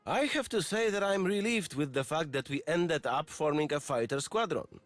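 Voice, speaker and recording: An actor playing an earnest young wartime fighter pilot in a video game, speaking with conscientious sincerity. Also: male voice, on the high side, expressive, normal speed, dry recording, soft background music, natural voice.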